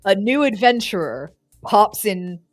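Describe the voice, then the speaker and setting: A woman's voice: mid-range voice, animated, measured pace, faint music behind. A woman player narrating her character's actions in a tabletop game, chatty and full of fillers. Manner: chatty storytelling with frequent "like" and laughs.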